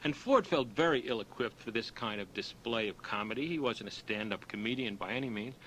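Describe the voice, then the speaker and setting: A man's voice: lowish voice, a little fast, fairly bright tone, a little hiss or hum, low-quality recording. A man giving a lecture full of anecdotes, who tells his stories and raises his voice for the punchlines. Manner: storytelling, acts out punchlines with raised voice. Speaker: author giving a talk.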